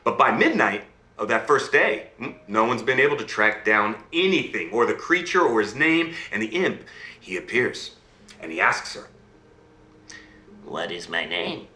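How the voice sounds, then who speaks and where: Animated male storyteller, bright and echoey. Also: moderate pace. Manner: lively, dramatic swings in pitch, asks listeners "right?". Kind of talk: animated live fairy-tale storytelling.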